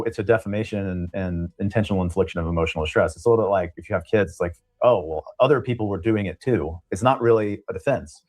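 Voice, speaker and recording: A man explaining points on a casual livestream panel in a measured way, with frequent restarts. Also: low voice, darkish tone.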